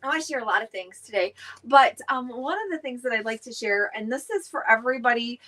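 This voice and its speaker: A middle-aged woman who sells directly hosts her weekly live stream, greeting viewers and rambling with plenty of fillers and restarts. Her voice sits on the high side, bright and pushed, and she talks quickly.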